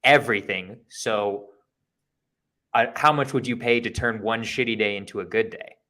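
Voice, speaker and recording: A man's voice: fairly low pitch, fairly even intonation, moderate pace, sharp tone. A man hosting a podcast, agreeable and enthusiastic. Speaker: podcast host. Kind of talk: casual podcast conversation.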